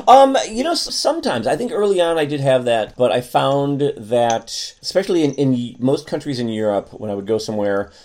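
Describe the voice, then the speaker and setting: A man's voice: medium pitch, expressive, moderate pace, a little mellow. A man with an American accent, co-hosting a casual podcast chat and explaining things with frequent restarts and fillers. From United States. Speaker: podcast co-host.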